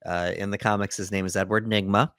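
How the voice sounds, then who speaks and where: A man's voice: on the low side, little pitch movement, quick pace, a bit bright, clean tone, no room sound, clean studio sound. A man co-hosting a podcast, steadily recapping a movie in a casual chat, with many fillers. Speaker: podcast co-host.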